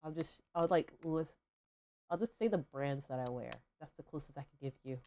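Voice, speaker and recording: A young woman with a low, mellow voice talks casually to her stream while playing. She rambles, fills gaps with "like" and "um", and questions herself along the way. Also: normal speed. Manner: rambling, filler-heavy, self-questioning. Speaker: livestream host. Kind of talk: casual chat while gaming.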